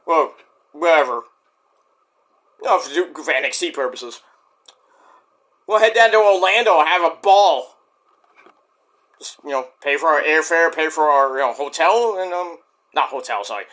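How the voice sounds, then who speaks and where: Lively, bright-voiced male wrestling vlogger. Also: on the high side. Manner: animated, rambling, jumps into sudden shouts. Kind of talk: casual ranting review.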